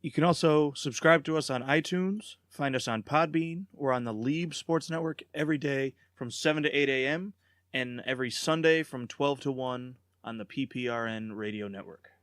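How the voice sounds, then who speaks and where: A man co-hosts a casual chat podcast in a laid-back way. His voice is in a middle pitch. It is recorded dry and close. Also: moderate pace, a bit bright, dry recording. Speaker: podcast co-host.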